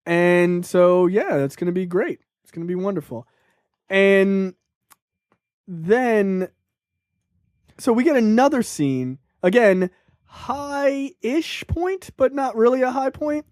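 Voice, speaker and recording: A man co-hosting a casual movie review podcast, talking in an animated, profane way and acting out characters' lines. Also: sits high, takes it slowly, no room sound, clean studio sound. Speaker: podcast co-host.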